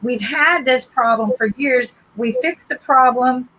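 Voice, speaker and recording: A woman's voice: sits high, measured pace, fairly bright tone, poor audio. A woman on an online panel discussion, explaining earnestly and repeating words as she thinks.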